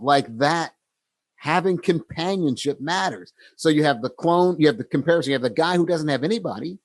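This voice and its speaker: A man's voice: on the high side, dry recording. Dry-sounding man retelling a story. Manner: retells scenes acting out characters' lines. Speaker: podcast co-host. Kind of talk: casual storytelling chat.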